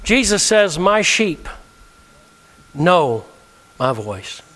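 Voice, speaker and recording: Lively, high-voiced man preaching in a hall. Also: drawn-out words. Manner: preaching with call-and-response, lively and emphatic. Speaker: pastor. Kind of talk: sermon. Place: church sanctuary.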